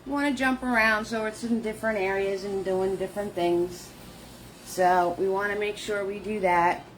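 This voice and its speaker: A woman leading a live painting lesson, chatty and warm with viewers, greeting them by name in sing-song hellos. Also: mid-range voice, steady tone, normal speed, a little hiss or hum. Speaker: painting instructor.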